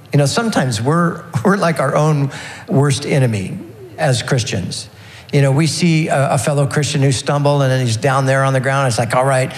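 A man preaching a sermon, earnest and unhurried, slowing down and pausing to press his points. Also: medium pitch, long reverb tail. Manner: earnest, warm preaching with slow emphatic pauses. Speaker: pastor.

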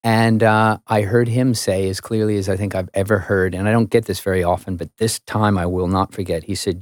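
Middle-aged American man, lowish dry voice, chatty self-mocking guest storyteller. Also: brisk, few pauses, no room sound. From United States. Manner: lively, self-mocking, stammering restarts. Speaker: interview guest. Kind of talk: casual storytelling in a radio interview.

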